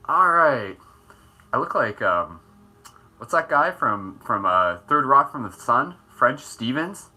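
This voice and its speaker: A man's voice: mid-range voice, very animated, takes it slowly, pushed and bright, breathy edge. A man hosting a live morning meditation stream, guiding face exercises in a playful, upbeat way and laughing often. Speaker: host.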